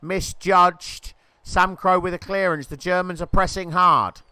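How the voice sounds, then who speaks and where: Excitable man doing jokey football commentary. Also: high-pitched, unhurried, clear, resonant tone, no echo. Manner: jokey, rises to excited shouts at near misses and goals. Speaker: game commentator. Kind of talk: mock football commentary over a video game.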